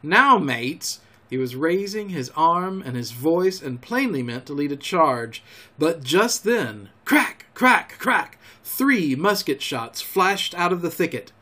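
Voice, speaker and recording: A man hosting a storytelling show, reading a classic novel aloud in a calm, homely way. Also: on the high side, measured pace. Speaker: storyteller host.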